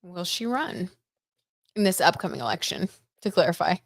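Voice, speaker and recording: A young woman chats her way through a live tarot reading in a slightly low voice, bubbly and quick to exclaim at every card. The sound is close and dry, with no room around it. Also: creaky, no room sound. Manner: chatty and excitable, lots of "oh my god" and "like"; reads viewer comments aloud and reacts. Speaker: tarot reader hosting a live stream.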